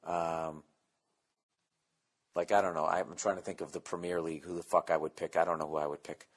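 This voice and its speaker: A man's voice: deep voice, level tone, brisk. 40s guy ranting on his podcast, swears a lot, sarcastic, rambly. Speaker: podcast host. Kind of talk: casual comedic monologue.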